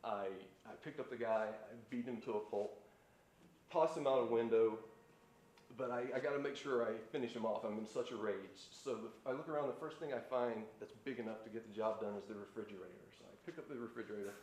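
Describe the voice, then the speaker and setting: Jealous husband, a man doing the voice, low and brooding, live room. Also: brisk, a little mellow, lightly acted. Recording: roomy live stage sound.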